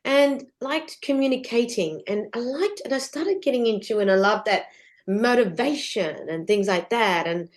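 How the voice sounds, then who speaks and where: A middle-aged woman telling her life story as a podcast guest, animated and rambling, with restarts and the odd swear word. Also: a little high, moderate pace. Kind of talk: candid storytelling interview.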